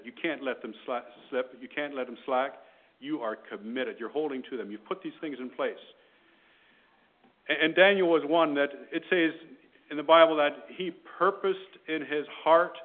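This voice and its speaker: A man with a high-pitched voice preaches with fervor, climbing loud and then dropping to a hush. The sound is thin and tinny, like a phone line. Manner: impassioned, rising loud then dropping quiet. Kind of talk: sermon.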